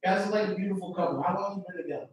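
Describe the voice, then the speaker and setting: A man's voice: high-pitched, very fast. A male stand-up comedian doing crowd work in a comedy club, brash and teasing, full of casual slang. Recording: very echoey club from far off.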